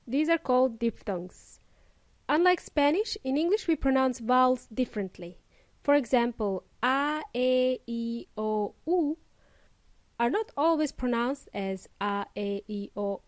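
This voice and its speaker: A woman with a high, bright voice hosts a podcast lesson for English learners. She speaks slowly and deliberately, stressing each sound, and the recording is dry and close. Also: no echo. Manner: slow, careful, emphatic teaching delivery. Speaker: English teacher and podcast host.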